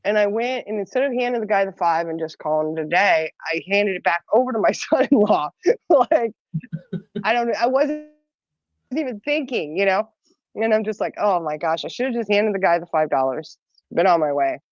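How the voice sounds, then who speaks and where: A woman's voice: mid-range voice, lively intonation, moderate pace, no room sound, lo-fi sound. A middle-aged woman telling a long story in casual chat, rambling and laughing often. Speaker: podcast co-host.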